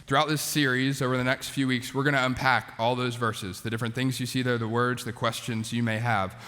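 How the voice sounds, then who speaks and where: A man in his thirties, a youth pastor, preaching to students in a conversational, animated way with casual asides. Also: medium pitch, a little fast. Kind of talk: sermon to students. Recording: long hall reverb.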